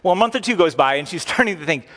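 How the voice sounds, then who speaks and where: A man's voice: high-pitched, expressive, racing, fairly bright tone. A middle-aged man preaching a sermon as pastor, talking conversationally with frequent asides and restarts. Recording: long hall reverb.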